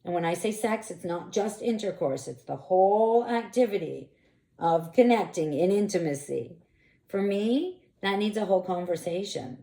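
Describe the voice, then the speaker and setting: In a room with noticeable echo, a woman who coaches on intimacy talks candidly to the camera. Her mid-range voice keeps a normal speed, and her delivery is frank and expressive, breaking into animated bursts.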